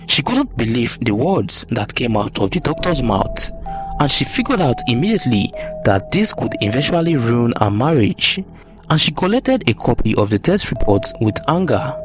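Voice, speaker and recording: Male folktale narrator, lively rising-falling delivery, music under the voice. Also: medium pitch. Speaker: storyteller. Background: background music.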